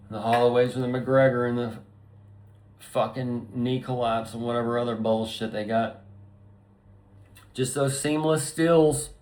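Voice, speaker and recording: A man talking straight to his viewers in a meandering, expletive-laced monologue, hopping from one pun to the next. His pace is slow and drawn out, and his voice sits at an ordinary pitch for a man. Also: a little mellow. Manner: profane, stream-of-consciousness wordplay. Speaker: vlogger. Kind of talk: rambling solo monologue.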